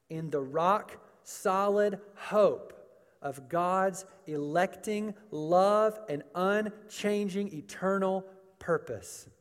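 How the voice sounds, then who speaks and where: A male pastor preaching slowly and deliberately, his fairly high voice leaning on each phrase and asking questions of the room. His words ring out with a long echo from a large church hall. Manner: emphatic preaching, rhetorical questions, repeated phrases. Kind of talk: sermon.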